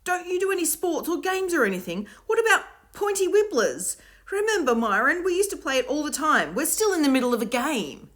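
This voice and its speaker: A woman voicing an excited, urgent young boy, calling out high and loud. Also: fairly quick, hardly any pauses.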